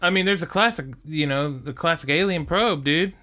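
A man's voice: on the high side, moderate pace, bright, forceful tone. A man co-hosting a casual podcast, chiming in with laid-back jokes and banter. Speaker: podcast co-host.

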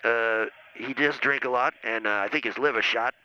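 A man phones in to a comedy show, speaking at normal speed in a medium pitch. The line is muffled with faint background noise as he rambles, needles, and hesitates with frequent uhs in comedic banter.

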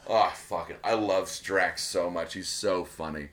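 Low-voiced man chatting enthusiastically. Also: a little slow, fairly bright tone. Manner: enthusiastic, swears a lot, many restarts. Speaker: podcast co-host. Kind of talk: casual chat.

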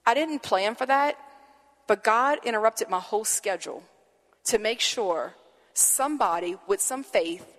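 A woman pastor telling a lively personal story in a sermon, acting out the dialogue as she goes. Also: fairly high pitch, unhurried. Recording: long reverb of a hall.

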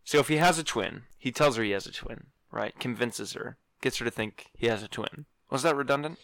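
A man co-hosting a comedy podcast, joking and riffing in casual chat, quick to laugh. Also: medium pitch, gravelly, fairly bright tone, no echo. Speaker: podcast co-host.

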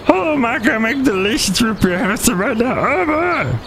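A man's voice: very high-pitched, sing-song, moderate pace, background noise, voice pushed up, full character voice. A man voicing a cheerful, eager root beer maker. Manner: chirpy, eager.

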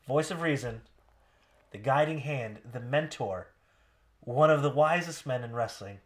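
Animated, jokey male podcast host. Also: mid-range voice, a little slow. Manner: animated, jokey, laughing, mocking quotes. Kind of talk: casual chat.

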